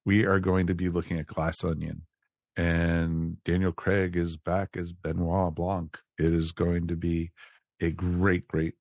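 Man, podcast host, gravelly, lowish voice, dry close sound, chatty and upbeat. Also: little pitch movement, measured pace, a little mellow, dry recording. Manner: upbeat, chatty, many fillers. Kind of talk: casual chat.

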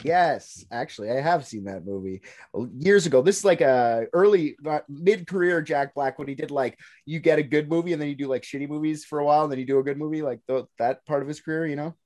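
A man's voice: fairly high pitch, quick pace, a little mellow. A man co-hosting a casual podcast, talking in a rambling, loose way with lots of "like" and swearing. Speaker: podcast co-host.

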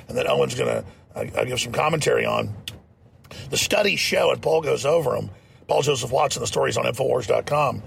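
A talk show host rants in a fiery, emphatic and mocking tone. His voice is very gravelly and pitched a little high. A faint hiss sits under it. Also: a bit bright. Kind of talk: ranting political commentary.

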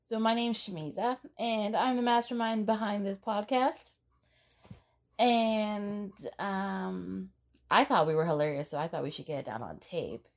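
A woman's voice: mid-range voice, measured pace, creaky. A woman hosting a casual podcast, bubbly and teasing, often breaking into laughter as she chats with her co-host.

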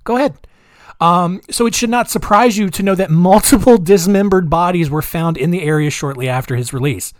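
A male host telling a true crime story in a casual, chatty way, sarcastic and quick to laugh. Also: high-pitched, dry recording, clean studio sound. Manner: chatty, laughs at his own jokes, sarcastic.

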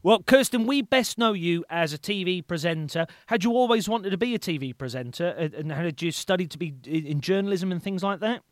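A man's voice: high voice, expressive, brisk, few pauses, no room sound, clean studio sound. A man hosting a podcast, chatting casually and joking at his own expense. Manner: chatty, self-deprecating. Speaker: podcast host. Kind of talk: casual interview chat.

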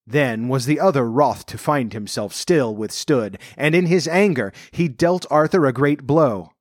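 A man reading a medieval legend aloud as an audiobook narrator, in a measured storybook manner. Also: mid-range voice, expressive, no echo, clean studio sound. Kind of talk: scripted narration.

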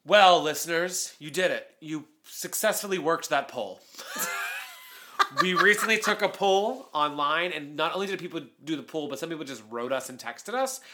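Bright, chatty man podcast host. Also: on the high side, moderate pace, slight background noise. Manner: chatty, theatrical, swears freely. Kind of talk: casual chat.

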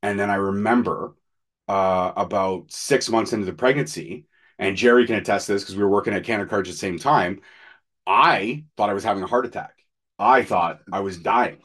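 A man's voice: lowish voice, fairly quick, fairly bright tone. A man in his thirties, a podcast co-host, telling personal stories in candid, profane, casual chat. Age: 30s.

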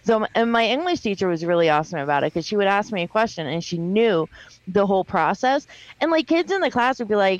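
A woman whose first language is Dutch chats loosely on a podcast. She laughs through her stories, swears easily, and her pitch moves in a lively way. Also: a little fast, dry recording, dull audio. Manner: laughs often, swears casually. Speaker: podcast co-host. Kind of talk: casual podcast chat.

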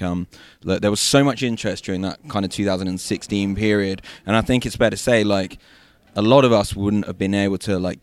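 A man's voice: fairly low pitch, no echo. A man with an English accent, a guest journalist chatting casually in a roundtable over a video call, with many fillers and restarts. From England.

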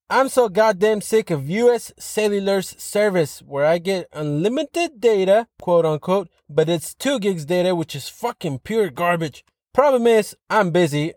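A man hosts a podcast and rants through online posts, sarcastic, rambling and swearing freely. His voice sits a little high. The sound is dry, with no room echo. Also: a little mellow. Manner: profane, sarcastic, rambling ranting. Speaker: podcast host. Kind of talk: reading and ranting about online posts.

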